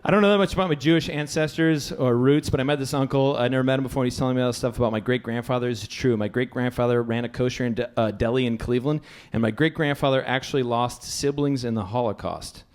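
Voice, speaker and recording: Man, middle-aged, stand-up comic, rambling, self-deprecating, mid-pitched, stage mic. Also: fast, hardly any pauses. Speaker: stand-up comedian. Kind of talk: stand-up set. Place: comedy club stage.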